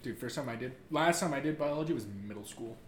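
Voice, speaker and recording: A young Canadian man co-hosting a casual podcast trivia game, loud, excitable and swearing freely. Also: medium pitch, fast talker. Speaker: podcast co-host. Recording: echoey room with faint noise.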